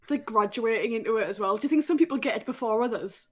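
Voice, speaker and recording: A young woman with a voice that sits a little high hosts a comedy podcast. She riffs and jokes in loose, casual chat, swearing freely as she goes. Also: fast talker, breathy edge. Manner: crude, joking, swears freely. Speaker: podcast host.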